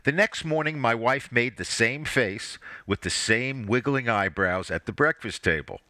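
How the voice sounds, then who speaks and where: Guy reading his family story aloud, wry, bright voice, dry sound. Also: medium pitch, lively intonation, unhurried, no echo. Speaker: narrator.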